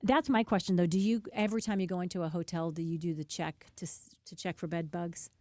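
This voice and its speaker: A woman's voice: lowish voice, steady tone, a little mellow, no echo. A woman co-hosting a radio talk show, chatting casually and restarting her sentences often. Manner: chatty, talks in quick restarts. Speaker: radio co-host. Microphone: studio microphone.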